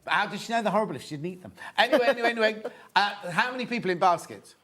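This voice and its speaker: Give me a chatty male TV shopping host with a slightly high voice. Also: rapid-fire. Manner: chatty and excitable, full of asides and sales counts. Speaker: shopping channel presenter. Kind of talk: live TV shopping presentation. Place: TV studio.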